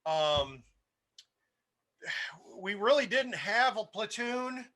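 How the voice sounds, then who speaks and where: Middle-aged male host, high bright voice, lively storyteller who acts out quotes. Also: extremely slow. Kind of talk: casual storytelling chat.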